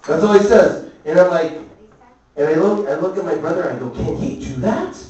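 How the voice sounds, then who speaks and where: Male stand-up comic, slightly high voice, rambling and profane, heard from a distance in a very echoey club. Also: warm tone, muffled recording. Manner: rambling, profane, quick asides to the crowd. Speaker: stand-up comedian. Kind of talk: stand-up storytelling. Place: comedy club. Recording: echoey club recorded from afar.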